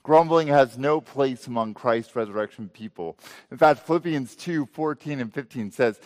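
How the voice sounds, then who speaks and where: A male pastor preaching a sermon, asking rhetorical questions and letting his voice swell and then drop low. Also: normal speed, darkish tone, big-room sound.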